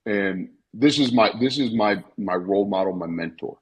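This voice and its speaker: A man's voice: on the low side, moderate pace, slightly rough. A man in his late thirties speaking on a live audio stream, telling a personal story bluntly, swearing and repeating himself. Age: 30s. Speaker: Twitter Spaces speaker. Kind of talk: emotional personal talk. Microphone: online voice call.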